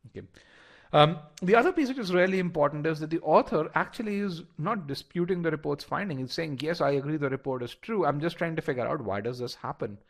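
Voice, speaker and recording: A man's voice: on the high side, lively intonation, fast talker. Man teaching a live online class. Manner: repeats words and restarts, addresses students directly. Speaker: instructor. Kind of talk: live online test-prep lesson.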